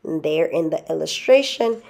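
A woman reading a children's story aloud in a slow, expressive way. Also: deep voice, gravelly. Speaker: storybook reader.

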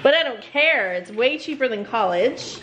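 Chatty, proud vlogger mom. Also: female voice, a little high, lively intonation, moderate pace, a bit bright. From Seattle area, USA. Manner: chatty, proud, laughing often. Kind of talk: casual family vlog chat.

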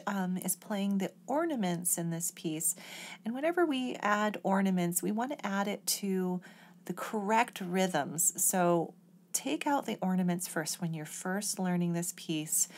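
A woman oboe professor explaining an etude step by step in a patient, methodical lesson. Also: fairly low pitch. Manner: patient, methodical, sings rhythms on syllables.

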